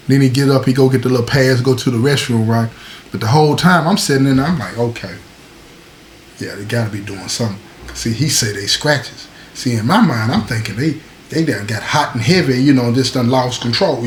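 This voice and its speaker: A man telling a prison story in casual slang, switching his pitch up and down as he voices the other men. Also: slight background noise. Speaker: storyteller host.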